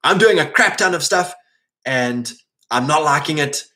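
A man's voice: a little high, expressive, normal speed, sharp tone. A man giving an earnest, rambling faith-based motivational talk to men, full of restarts and fillers, his voice a little strained. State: voice strained, coughing and clearing throat.

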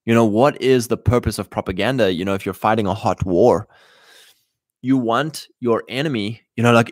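A man's voice: lowish voice, normal speed, dry recording, clean studio sound. A man hosting a livestream, talking in a loose monologue full of restarts and fillers. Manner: rambling, many fillers and restarts. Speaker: show host.

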